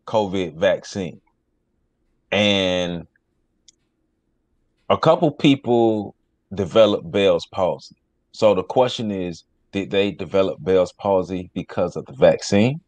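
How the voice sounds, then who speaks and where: A man's voice: low voice, a little mellow, no echo. A man co-hosting a casual podcast, laid-back, reading news items aloud. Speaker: podcast co-host.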